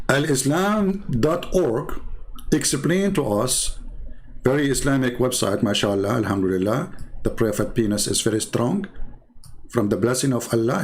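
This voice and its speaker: A man with an Arabic accent, speaking as a channel host and giving mocking, sarcastic commentary. His voice drops to low mutters and jumps to high exclamations. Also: a little mellow. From Middle East. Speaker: Christian apologist channel host.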